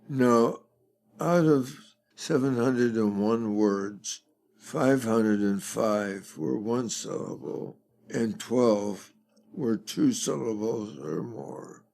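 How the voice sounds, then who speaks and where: An older man, a fundraising expert, talking slowly and deliberately as a guest in a conversational interview. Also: mid-range voice, vocal fry, darkish tone.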